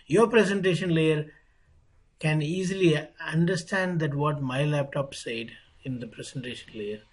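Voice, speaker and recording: A man teaching networking in an online lecture. He speaks deliberately, repeats key phrases and asks rhetorical questions. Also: fairly high pitch, husky, rough recording. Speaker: networking instructor.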